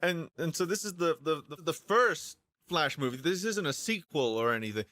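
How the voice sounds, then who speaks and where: A man's voice: on the high side, animated, normal speed, hardly any pauses, sharp tone, dry recording. A man ranting casually on a livestream, stammering and repeating himself, acting out both sides of imagined conversations. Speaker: streamer discussing films.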